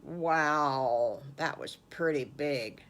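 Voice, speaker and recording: A woman's voice: deep voice, drawn-out words, a bit bright. An older woman improvising a children's story in a folksy, homespun way.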